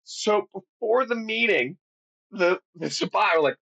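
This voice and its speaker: Male podcast co-host, animated storyteller, somewhat high voice, muffled low-fi recording. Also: measured pace, gravelly, breathy edge. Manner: animated storyteller, acts out quotes, swears casually. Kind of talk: casual storytelling chat. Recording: dull lo-fi audio.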